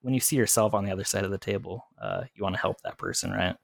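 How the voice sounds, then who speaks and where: A man's voice: low-pitched, sing-song, quick pace, vocal fry, no echo. A man guest on a podcast, explaining in casual chat with many fillers.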